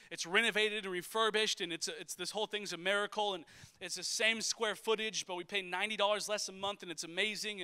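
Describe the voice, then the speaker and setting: A young male pastor delivers a sermon from a church stage, moving from comic personal stories into earnest teaching. His voice sits high and rings bright and forceful. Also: clear, resonant tone. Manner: lively, joking storyteller who shifts to preaching. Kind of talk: sermon with storytelling. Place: church stage before a congregation.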